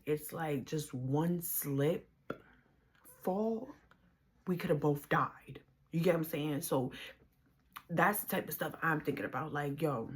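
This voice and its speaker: Husky low-voiced Bronx woman. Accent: New York. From New York, the Bronx. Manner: casual slangy talk, quoting others in voices, rising when heated. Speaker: vlogger telling her story. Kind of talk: candid storytelling to camera.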